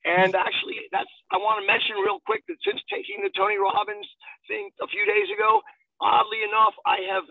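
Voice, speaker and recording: A slightly hoarse man speaking haltingly on a phone call while driving in traffic. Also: high-pitched, big pitch swings, dry recording. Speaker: coaching group member. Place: car in traffic. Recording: tinny phone line from a car.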